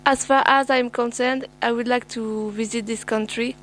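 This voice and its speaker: A woman's voice: fairly high pitch, fairly even intonation, moderate pace, fairly bright tone, poor audio. A teenage girl introduces herself to pen pals in careful learner's English with fillers. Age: teens. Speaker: student.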